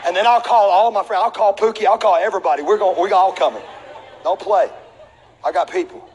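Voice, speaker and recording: Man, pastor, animated comic sermon, acts out voices, long hall reverb, faint room noise. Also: sits high, brisk, some chatter behind. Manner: animated, acts out voices, laughs, shifts to shouting. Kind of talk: comedic sermon storytelling. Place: large church auditorium.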